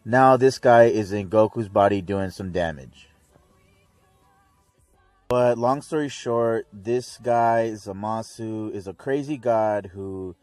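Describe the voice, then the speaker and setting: A man's voice: fairly low pitch, a little mellow, no room sound. A young man hosting a casual fan theory video, rambling with slang and restarts. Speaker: YouTube theory host.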